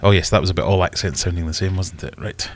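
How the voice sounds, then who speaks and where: Deep-voiced Scottish man rambling on a live stream. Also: fast. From Scotland. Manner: rambling and self-mocking, thinks aloud. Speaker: aquarium channel host. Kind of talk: casual live-stream chat.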